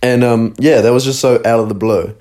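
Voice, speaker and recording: A man's voice: medium pitch, fairly even intonation, fairly quick, dark tone. A young man, co-hosting a podcast, telling a rambling, sweary story and laughing often. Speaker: podcast co-host. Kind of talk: casual storytelling chat.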